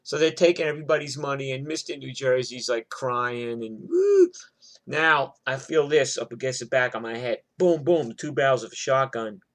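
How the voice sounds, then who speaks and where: A man's voice: mid-range voice, fairly even intonation, fairly quick, few pauses, a bit bright. A middle-aged man telling a story from his past in a rambling, profane way, full of fillers and asides. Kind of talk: casual spoken storytelling.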